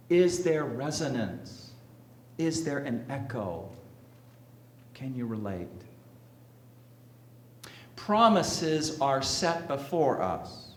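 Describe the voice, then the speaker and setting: A man preaching a sermon to a congregation, slow and emphatic, asking the listeners rhetorical questions. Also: mid-range voice, echoey room, slight background noise. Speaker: minister. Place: sanctuary with congregation.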